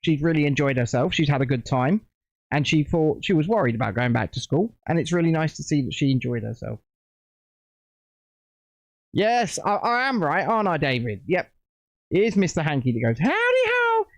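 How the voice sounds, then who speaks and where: Chatty male streamer: lively, rambling, dry close sound. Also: on the high side, normal speed, no echo. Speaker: streamer host. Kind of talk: casual live-stream chat while building.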